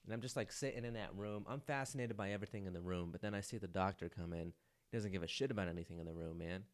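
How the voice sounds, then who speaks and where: Rambling, low-voiced man hosting a podcast. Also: quick pace. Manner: rambling and self-mocking, swears and says "dude" often. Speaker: podcast host. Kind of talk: casual solo podcast monologue.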